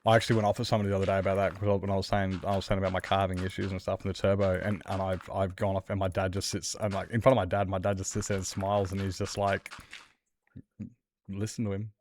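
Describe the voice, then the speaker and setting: A man's voice: sits low, level tone, very fast, few pauses, darkish tone, slight background noise. A man streaming a game and ranting heatedly about car mechanics, swearing often. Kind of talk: casual rant while gaming.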